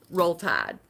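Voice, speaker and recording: Chatty Southern woman hosting a live stream; lowish, bright voice, rambling, easy laughs. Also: gravelly, husky. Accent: Southern US, Alabama. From Alabama, US. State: unwell. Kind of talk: casual live stream chat.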